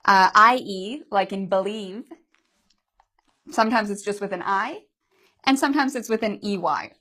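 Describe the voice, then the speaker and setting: A woman with a mid-pitched voice teaches a pronunciation lesson. She talks patiently, models each vowel slowly and clearly, and keeps asking her learners questions about what they see and hear. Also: sharp tone.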